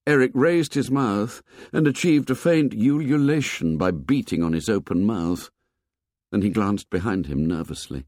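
A man narrating an audiobook in a measured, expressive way. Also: fairly low pitch, dry recording, clean studio sound.

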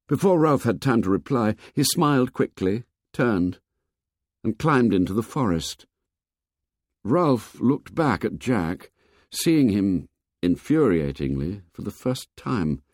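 A man reading a novel aloud as narrator, expressive and measured. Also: lowish voice, no room sound, clean studio sound. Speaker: audiobook narrator. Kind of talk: scripted narration.

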